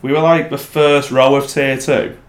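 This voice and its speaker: A man co-hosting a podcast, telling stories in a casual, animated way. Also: mid-range voice, normal speed, echoey room. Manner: animated storyteller, shouts when acting out others. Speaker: podcast co-host. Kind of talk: casual chat.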